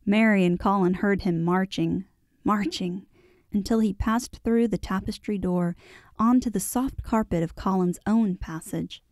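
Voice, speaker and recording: In scripted audiobook narration, a female narrator reads a classic children's novel with measured, expressive storytelling. She speaks at medium pitch, captured in clean studio sound free of any room noise.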